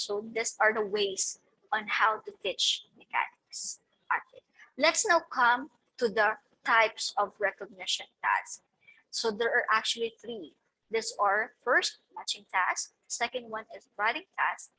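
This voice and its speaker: On a low-quality recording, a young female teacher's slightly high voice comes across bright, forceful and a bit rough. She explains the lecture slides step by step in a methodical way, using "okay" and "so" to separate each point.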